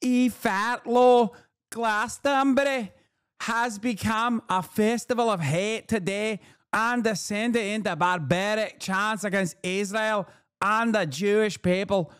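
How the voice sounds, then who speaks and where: A man's voice: high-pitched, a bit bright, smooth, dry recording, studio quality, pitched above the performer's own voice. A man putting on a pompous, indignant male commentator with an exaggerated mock foreign accent, reading melodramatically.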